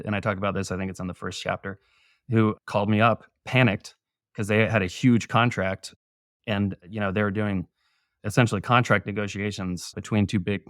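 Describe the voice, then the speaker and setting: A man's voice: on the low side, dry recording, clean studio sound. A man, a guest author, explaining his views in a casual panel discussion. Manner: explanatory, conversational.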